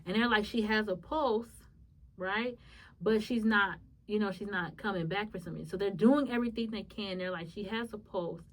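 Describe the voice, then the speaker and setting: A woman hosting a podcast, telling a personal story in a halting, emotional way with many restarts. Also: mid-range voice, distant mic, poor audio. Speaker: podcast host.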